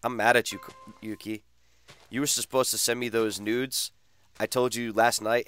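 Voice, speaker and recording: A man's voice: mid-range voice, little pitch movement, normal speed, a bit bright, clean tone. A man streaming a game, bantering with his chat in a crude, teasing way. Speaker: gaming streamer. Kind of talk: casual live-stream chat.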